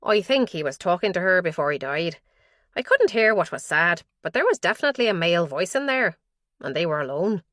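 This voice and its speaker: A woman narrator voicing a gruff male police constable with a harsh Donegal accent, blunt but kind. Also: lowish voice, big pitch swings, fairly quick, a bit bright, no room sound, studio quality. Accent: Donegal Irish.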